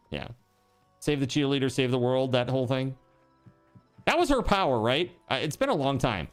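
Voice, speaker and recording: A man streaming live, chatting casually, rambling and joking, with swearing. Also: mid-range voice.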